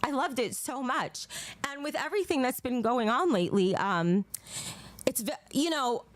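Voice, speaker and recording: A woman's voice: high voice, animated, normal speed, no room sound. A young adult woman livestreaming in a casual chat, gushing and emotional, rambling as she talks to her viewers.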